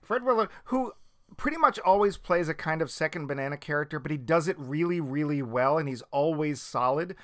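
A man with a slightly raised pitch, middle-aged and from the Boston area, chatting about a comedy film with a friend. He jokes freely and lets some thoughts trail off into quiet mumbles. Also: animated, brisk. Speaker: podcast co-host. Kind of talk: casual movie discussion.

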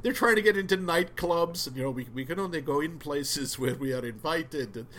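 A man's voice: fairly high pitch, brisk, a bit bright. A man in casual conversation, rambling a little and often restarting his sentences, with a wry tone. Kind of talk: casual chat.

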